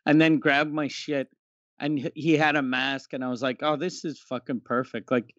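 Male podcast co-host, deadpan and crude, slightly muffled lo-fi sound. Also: mid-range voice, no echo. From Canada. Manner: dry, crude, deadpan jokes. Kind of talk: casual comedic podcast chat.

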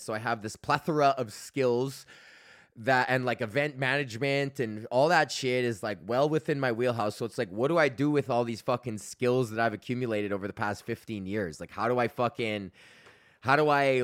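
A man in his thirties rants on his own podcast, rambling and swearing and loaded with fillers. His voice sits at an ordinary pitch, and the sound is dry and close with no room around it. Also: dry recording. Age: 30s. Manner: rambling and profane, with many fillers. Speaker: podcast host. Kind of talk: casual solo rant.

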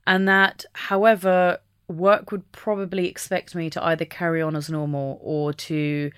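A woman speaking as an interview guest, talking openly and reflectively, with the odd soft laugh. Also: on the low side, flat delivery, moderate pace, clean tone, no echo, studio quality. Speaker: podcast guest. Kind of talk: candid conversational interview.

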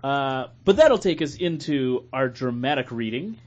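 A man's voice: mid-range voice, expressive, a little slow, a little mellow, highs cut off, slight background noise. A man hosting a podcast, bantering loosely and laughing with friends. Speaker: podcast host. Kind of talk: casual podcast chat.

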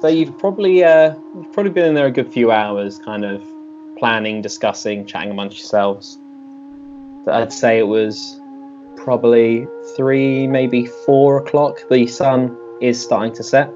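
A man narrating as game master of a tabletop game, loose and relaxed with many fillers. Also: mid-range voice, normal speed. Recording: dull lo-fi with music behind.

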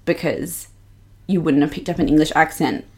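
Low-voiced woman gossiping. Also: moderate pace. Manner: animated, sweary, mocking quoted voices. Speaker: podcast co-host. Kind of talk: casual gossip chat.

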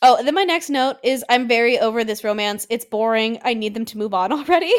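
Playful high-voiced woman podcaster. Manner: playful, jokey, quick asides. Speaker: podcast co-host. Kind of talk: casual chat recapping a TV show.

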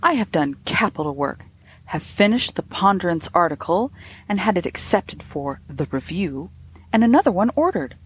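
Expressive woman narrating a ghost story. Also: lowish voice, moderate pace, breathy edge. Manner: expressive, lively storytelling with soft asides. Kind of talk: audiobook reading of a classic ghost story.

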